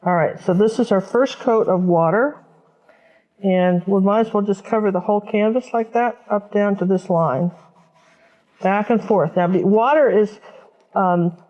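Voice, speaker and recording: A woman talks through a painting lesson as she works, chatty and thinking aloud about each stroke. Her voice sits at a middle pitch. The sound is a little dull and lo-fi. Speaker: painting instructor.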